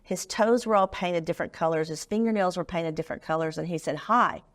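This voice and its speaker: A woman's voice: on the low side, fast. A middle-aged woman, a nonprofit founder telling her story as a guest on a talk show and acting out the voices she quotes.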